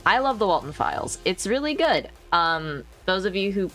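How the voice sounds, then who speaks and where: A woman's voice: mid-range voice, very animated, normal speed, a bit bright, soft background music. A woman livestreaming casual chat, rambling, laughing often and swearing freely into a new microphone. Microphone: new desk microphone.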